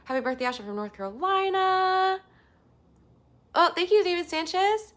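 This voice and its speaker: A woman hosting a casual livestream, reading out and answering viewer messages in a bubbly, excitable way. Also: extremely high pitch, moderate pace. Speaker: livestream host and voice actor.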